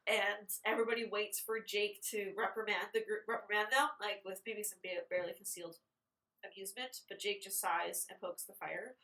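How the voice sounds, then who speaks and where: A woman's voice: mid-range voice, fairly even intonation, a little fast, sharp tone, far from the mic, rough recording. A woman co-hosting a podcast, chatting casually about a book and correcting plot details. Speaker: podcast co-host. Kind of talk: casual book recap chat.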